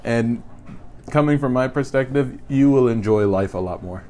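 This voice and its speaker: A man's voice: medium pitch, moderate pace, a little mellow, a little hiss or hum. A man co-hosting a podcast, chatting casually in a laid-back, sarcastic way. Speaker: podcast co-host.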